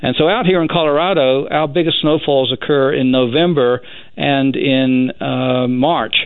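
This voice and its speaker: A man speaks as an expert guest, explaining in a measured way with small hesitations. He comes through a tinny, phone-like line. The sound is dry. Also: mid-range voice, steady tone, no room sound. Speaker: scientist guest. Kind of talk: explanatory interview answer.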